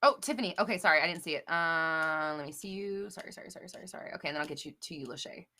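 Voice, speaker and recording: A woman's voice: low voice, racing, pushed and bright. A woman hosting a casual live Q&A stream, talking emphatically and rambling, swearing freely. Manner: rambling with many fillers and restarts. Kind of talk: casual live-stream chat answering viewers.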